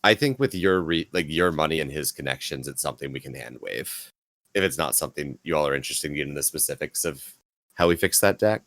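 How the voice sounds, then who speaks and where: Very deep-voiced game master. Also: male voice, a bit bright, no echo. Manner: checks in with players, quick clarifying questions. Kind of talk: running a tabletop game.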